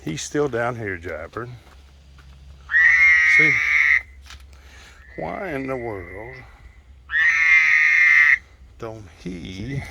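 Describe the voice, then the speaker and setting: A man's voice: mid-range voice, sing-song, very slow, creaky, long pauses, heavy background noise. A man filming outdoors at night on a handheld phone, musing aloud and muttering to himself, sometimes dropping to a whisper. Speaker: vlogger. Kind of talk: casual narration while filming.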